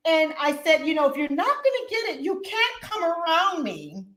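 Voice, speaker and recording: A woman's voice: very animated, fairly bright tone, full character voice. A woman putting on a fretful older woman. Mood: worried. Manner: slow, high, fretful pleading. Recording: roomy echo.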